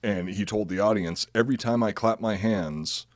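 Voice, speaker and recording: A man's voice: fairly low pitch, moderate pace, no room sound, clean studio sound. A man co-hosting a casual podcast, reading from his notes and breaking off into profane, joking asides. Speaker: podcast co-host.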